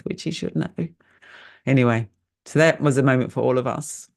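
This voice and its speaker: Closing out a live online meditation session on a video call, this woman in her later years chats casually and laughs at herself with ease. Her voice is rumbling and low, gravelly and a little mellow, unhurried and full of frequent pauses.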